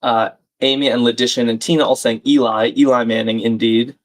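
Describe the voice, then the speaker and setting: Speaking a little fast with fairly even intonation, a medium-pitched man streams himself solving crosswords live. He thinks out loud, chats casually, and reads comments from viewers.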